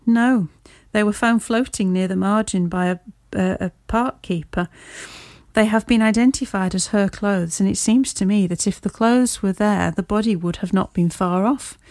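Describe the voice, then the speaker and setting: A woman's voice: medium pitch, normal speed, a little mellow, no room sound, natural voice. Woman voicing a stubborn, indignant male inspector in a storybook reading, dry close sound. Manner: gruff, indignant. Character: blunt, proud male police inspector, stubborn.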